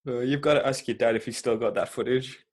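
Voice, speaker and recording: Teasing man with a husky voice. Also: mid-range voice, fast talker. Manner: teasing, short interjections. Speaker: co-host. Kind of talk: casual chat.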